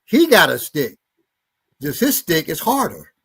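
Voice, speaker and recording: A middle-aged man hosting a podcast, telling stories in a blunt, profane, animated way. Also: fairly high pitch, unhurried, creaky, breathy edge. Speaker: podcast host and martial arts instructor. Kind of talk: casual storytelling chat.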